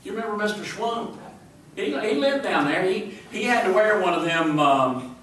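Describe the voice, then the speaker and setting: A rambling Southern small-town deputy. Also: male voice, sits high, expressive, normal speed, fairly bright tone, a little hiss or hum. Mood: folksy. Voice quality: rambling, fumbling for words. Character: folksy small-town Southern deputy, male, excitable and boastful. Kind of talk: live stage comedy monologue. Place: stage before an audience. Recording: echoey hall, from far off.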